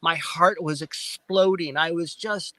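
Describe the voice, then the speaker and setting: A man telling a story as a guest, excitable and animated, acting out sounds and quoting himself. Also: fairly high pitch, unhurried, no room sound. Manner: excitable, acts out sounds and quotes.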